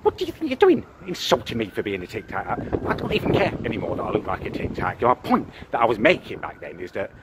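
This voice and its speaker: A man's voice: on the low side, wildly swooping pitch, fast, few pauses, noisy background. A young British man playing a petty, self-pitying vlogger who rants in a whiny, aggrieved way, always tagging on "right?". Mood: ranting. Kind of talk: ranting comedy character vlog.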